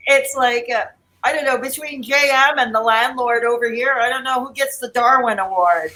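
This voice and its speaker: A woman's voice: a little high, moderate pace, bright, forceful tone, rough recording. A woman hosting her own livestream, chatting casually with her guest and talking to the viewers in her chat. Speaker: channel host.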